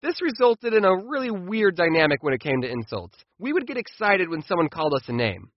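Lively high-voiced man telling comic stories. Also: a little fast, no echo, highs cut off. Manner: animated, playful, jumps into quoted voices. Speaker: storytime YouTuber. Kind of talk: comedic storytelling.

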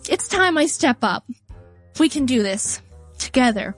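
A woman's voice: sits high, very animated, unhurried, faint music behind, full character voice. A woman voicing an earnest young female game ally pledging to fight alongside the hero.

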